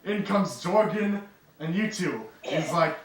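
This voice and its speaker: A man's voice: a little high, animated. A man narrating a tabletop game as game master, rambling and laughing as he goes. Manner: rambling, laughing, voices townsfolk in quick asides. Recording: echoey room, far from the mic, faint noise.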